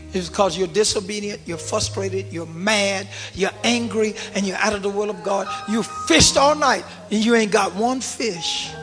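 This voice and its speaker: High bright-voiced preaching man in a church. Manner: preaching with call and response, swinging from shouts to low murmurs. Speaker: pastor. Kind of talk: sermon. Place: large church hall. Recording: church hall reverb with organ music.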